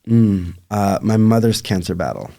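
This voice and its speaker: Low-voiced man telling a painful story. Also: expressive, normal speed, creaky, mellow. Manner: earnest, reflective, many fillers. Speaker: podcast guest, life coach. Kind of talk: emotional personal storytelling.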